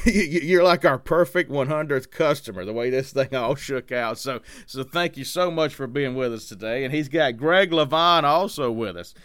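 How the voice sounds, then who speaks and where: A man's voice: a little high, a bit bright, clean tone, dry recording, studio quality. An enthusiastic man hosting a casual podcast interview, upbeat and friendly in manner. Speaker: podcast host.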